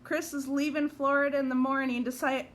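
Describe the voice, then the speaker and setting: A woman's voice: high voice, little pitch movement, brisk, fairly bright tone. A woman hosting a casual livestream from her dining room, bubbly and greeting viewers by name. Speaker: livestream host. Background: rain and a barking puppy.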